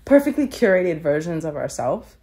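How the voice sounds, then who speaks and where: Reflective woman, low-pitched voice. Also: big pitch swings, moderate pace, mellow. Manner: earnest, reflective, many filler likes; tearful laughing when moved. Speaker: interviewee. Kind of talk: candid personal storytelling.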